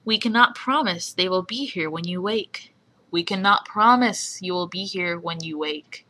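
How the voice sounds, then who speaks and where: A woman putting on the voice of a calm, eerie male radio announcer, reading slowly and ominously in a husky voice. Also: on the low side. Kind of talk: reading a fan-written radio bulletin.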